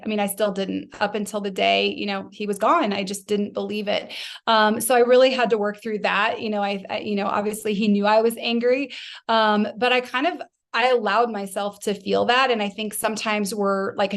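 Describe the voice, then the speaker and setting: Woman in her 40s talking slow and thoughtful on a podcast, lots of ums. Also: medium pitch. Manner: soft-spoken, reflective, with many um and you know fillers. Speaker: guest. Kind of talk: personal testimony in a podcast interview.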